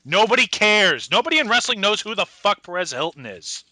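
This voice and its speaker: A man's voice: high voice, big pitch swings, a little fast, pushed and bright, no room sound. A man co-hosting a casual wrestling podcast, explaining with exasperation and stammered restarts. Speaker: podcast co-host.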